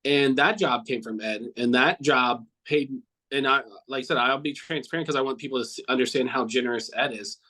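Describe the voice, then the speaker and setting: A cartoonist guest in a casual, heartfelt interview shares memories of a friend, rambling, swearing now and then, and earnestly repeating himself. His mid-range voice has a sharp tone and moves fairly quickly, though the audio is poor.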